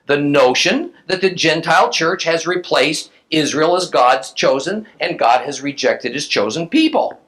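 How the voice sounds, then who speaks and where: A man's voice: fairly high pitch, lively intonation, unhurried, few pauses, a bit bright, poor audio. A man teaching a recorded Bible class who reads scripture aloud and explains it emphatically to his listeners.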